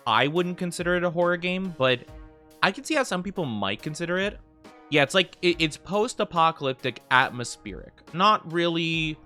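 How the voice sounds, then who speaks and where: A man's voice: fairly high pitch, sharp tone. An American man streaming a game, chatting casually and rambling with lots of filler words. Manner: rambling, heavy use of fillers like "like". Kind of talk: casual livestream chat.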